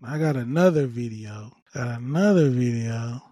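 A man's voice: medium pitch, animated, normal speed, mellow, no echo, clean studio sound. A man giving emphatic, repetitive opinion commentary on a video clip, scolding and lecturing.

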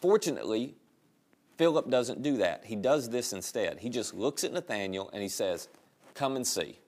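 Animated storytelling male pastor. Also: medium pitch, normal speed. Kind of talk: sermon.

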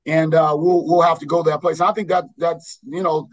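Brief: man from Los Angeles, basketball coach, higher-pitched voice, earnest and rambling as a podcast guest. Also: flat delivery, normal speed, lo-fi sound. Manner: earnest, rambling, with many restarts.

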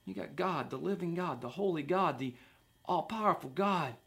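A man preaching a sermon in an animated way, sometimes acting out doubters in a higher voice. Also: moderate pace, vocal fry, breathy edge. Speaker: pastor.

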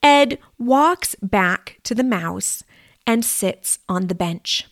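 A woman reading a simple story aloud for language learners, clear and deliberate. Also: mid-range voice, lively intonation, no echo, studio quality.

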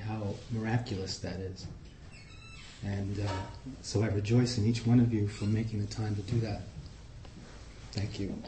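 Man, New York accent, low mellow voice, chatty guest speaker, echoey room. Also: slight background noise. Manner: relaxed, chatty, warm humor. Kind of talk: informal talk to a group.

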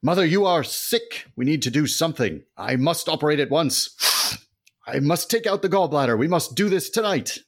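A man's voice: a little high, expressive, moderate pace, voice pushed up. A man voicing an earnest, exasperated 1880s surgeon son, formal and pleading. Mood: pompous.

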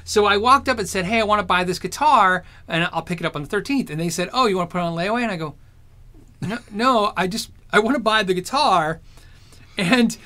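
Man, high-pitched, bright tone, casual rambling chat, animated storyteller. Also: fairly quick. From Arizona. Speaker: streamer.

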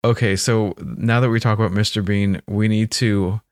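A young man co-hosting a laid-back movie podcast, talking in a chatty, joking way. His voice sits a bit low. It is recorded close on a dry podcast mic with no room sound. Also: steady tone, darkish tone, no room sound. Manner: chatty, laughs often, quick asides. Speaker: podcast host. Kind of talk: casual movie podcast chat.

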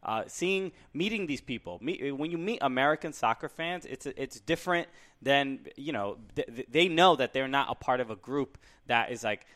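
A man co-hosting a podcast in casual chat, thinking aloud with many restarts and pauses. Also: mid-range voice, animated, fairly bright tone. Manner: hesitant, many restarts and uh's. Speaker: podcast co-host.

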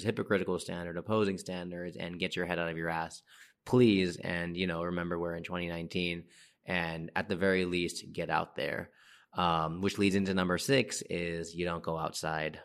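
A man's voice: low voice, a bit bright. A man hosting a podcast, giving blunt, chatty dating advice and calling listeners dude and bro. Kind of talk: casual advice monologue.

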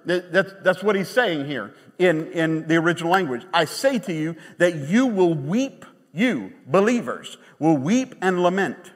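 A man preaching a sermon from the pulpit, his voice sitting high for a man. He is emphatic and animated, then drops suddenly quiet. The sound carries a long church reverb. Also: a little slow, few pauses. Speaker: pastor. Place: church sanctuary.

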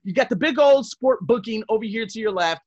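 Animated man telling stories on a podcast. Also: sits high, brisk, dry recording, muffled recording. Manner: animated, swings loud and soft, laughs, swears. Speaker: podcast host. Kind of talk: casual storytelling monologue.

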